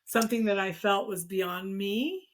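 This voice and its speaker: A woman's voice: medium pitch, measured pace. A middle-aged woman hosting a casual conversation, telling a personal story with many restarts. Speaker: host.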